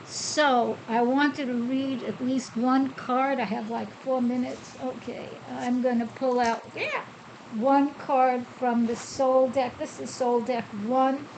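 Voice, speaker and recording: A high-pitched woman hosting a spiritual podcast, chatting freely and answering her own rhetorical questions. A faint noise hum sits under her voice. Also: fairly even intonation, slow pace, a little mellow, poor audio. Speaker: podcast host. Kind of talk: casual spiritual podcast talk. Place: Costa Rica.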